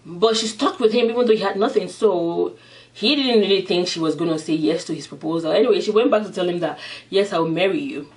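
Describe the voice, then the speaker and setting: Animated storyteller, slightly off-mic. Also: medium pitch, quick pace, distant mic, low-quality recording. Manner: animated retelling, acting out the characters. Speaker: mukbang vlogger. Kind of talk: casual storytelling while eating.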